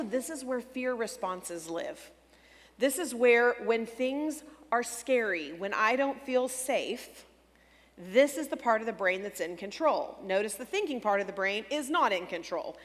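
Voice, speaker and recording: Woman teaching in a reverberant hall. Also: fairly high pitch. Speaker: conference speaker. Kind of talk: teaching a church breakout session. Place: large church hall.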